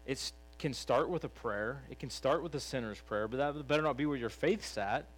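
A man's voice: medium pitch, moderate pace, poor audio. A middle-aged man preaching a sermon in an earnest, conversational way, rising for emphasis on key points.

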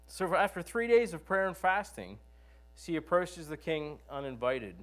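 Conversational male preacher, somewhat high voice. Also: sing-song, unhurried, a bit bright. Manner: conversational, asks rhetorical questions. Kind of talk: sermon storytelling.

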